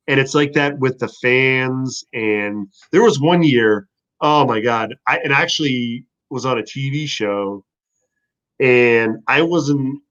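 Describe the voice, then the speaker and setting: In a laid-back podcast conversation, an ex-football player tells stories with lots of energy and swearing. He has a mid-range voice, and the recording is muffled.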